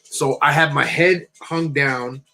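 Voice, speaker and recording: A man from New Jersey, a channel co-host, telling a personal story in a halting, repetitive way with many restarts. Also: on the high side, steady tone, gravelly, pushed and bright, soft background music, rough recording.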